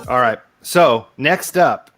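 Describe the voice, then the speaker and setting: Guy hosting a podcast bracket, lots of uhs, bouncy pitch, faint music behind. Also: lively intonation, slow pace, a bit bright. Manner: hesitant, lots of uhs, laughs easily. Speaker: podcast host running the bracket. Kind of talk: casual chat.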